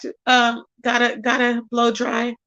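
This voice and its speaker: High-voiced, animated woman livestreamer. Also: a little slow, dull audio. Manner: animated, greets viewers by name and calls them baby; exclaims in disbelief, repeats phrases for emphasis. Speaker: livestream host. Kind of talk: casual livestream commentary, reading chat.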